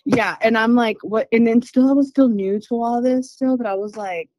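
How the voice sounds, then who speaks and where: A woman guest telling a personal story in a podcast interview, candid and animated, swearing freely. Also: a little high, moderate pace, no room sound, low-quality recording. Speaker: interview guest, spiritual healer.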